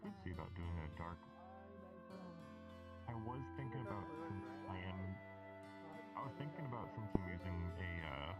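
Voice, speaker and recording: This is a man with a low voice that swings widely in pitch, chatting in character during a roleplay. He talks hesitantly and stops to search for words, with faint music behind him. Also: very animated, normal speed, long pauses, lo-fi sound.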